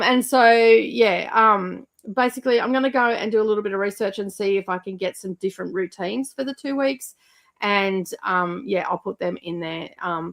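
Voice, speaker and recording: Chatty woman rambling on stream. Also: mid-range voice. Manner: chatty, rambling, with frequent fillers. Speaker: livestream host. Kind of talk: casual chat while reading viewer comments.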